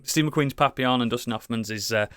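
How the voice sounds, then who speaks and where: With a mid-range, resonant voice that is clear and a bit bright, this British podcast co-host talks fast in a casual chat. He rambles with enthusiasm, swears a lot and keeps restarting sentences; the studio-quality audio has no echo.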